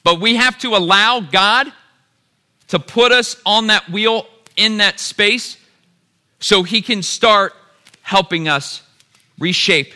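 Bright-voiced preacher with a drawl. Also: male voice, high voice, slow pace, pauses often. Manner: addresses the crowd as "y'all", builds to emphatic repeated lines. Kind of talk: sermon.

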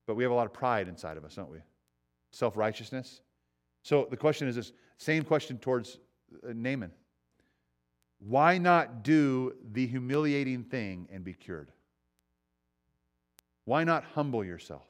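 A male pastor preaching a sermon with a mid-range voice. His delivery is conversational. He acts out quoted voices and repeats key lines for emphasis. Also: mid-range voice.

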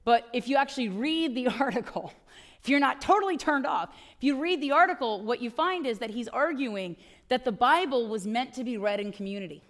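A woman's voice: a little high, animated, fairly quick. A middle-aged woman preaching a sermon as pastor, conversational, wry and emphatic, often adding "right?" to her points.

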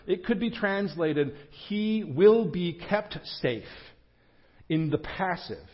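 A man's voice: high voice, lo-fi sound. A man preaching a sermon in a church, earnest and emphatic. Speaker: pastor. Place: church sanctuary.

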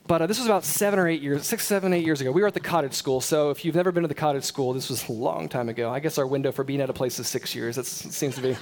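A male pastor with a high voice delivers a storytelling sermon, dropping to a hushed tone and then rising to loud exclamations. He talks into a stage mic at a church service, with faint room noise behind him. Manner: animated, swings between hushed retelling and loud exclamations.

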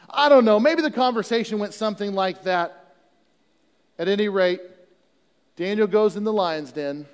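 A man's voice: high voice, clear, resonant tone, long reverb tail. A man preaching a sermon as pastor, reading scripture and talking conversationally with humorous asides.

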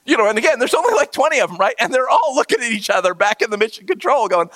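Speaking quickly in a high voice, a pastor preaches with lively storytelling, taking on the voices of the people he describes. The recording is dry.

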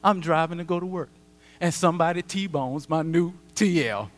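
A man pastor preaching a sermon, conversational and animated with dramatic pauses. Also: on the high side, soft background music. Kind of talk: sermon with personal storytelling. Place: church sanctuary. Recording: long church hall reverb.

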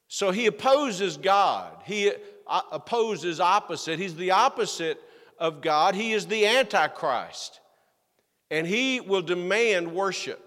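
A man's voice: high voice, animated, slow, a bit bright. A man preaching an expository sermon as pastor, reading scripture aloud and then explaining it plainly, with frequent restarts. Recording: long hall reverb.

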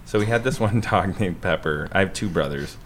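A man's voice: deep voice, brisk, a little hiss or hum. A man co-hosting a podcast, telling a story in casual chat, self-mocking and laughing as he goes. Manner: animated, self-mocking storyteller who laughs mid-sentence. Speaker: podcast co-host.

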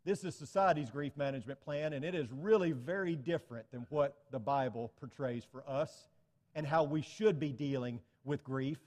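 A man's voice: medium pitch, moderate pace, darkish tone, long reverb tail. A man preaching a sermon to his congregation, earnest and telling stories to illustrate his points. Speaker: pastor.

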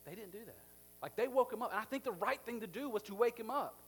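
A man, a pastor, preaching a sermon in a conversational, animated way, acting out the scenes he describes. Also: very high voice, fast, slight background noise.

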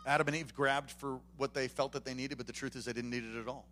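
A man preaching a sermon to a congregation, swinging from hushed asides to loud, animated bursts. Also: medium pitch, fast talker, slight background noise. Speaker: pastor. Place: church before a congregation.

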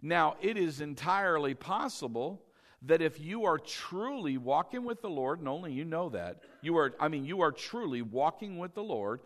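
A middle-aged pastor preaching in a fairly high male voice. He fires off questions, answers them himself and swells louder on key lines. He calls on the congregation to repeat the words after him. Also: expressive, normal speed. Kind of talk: sermon.

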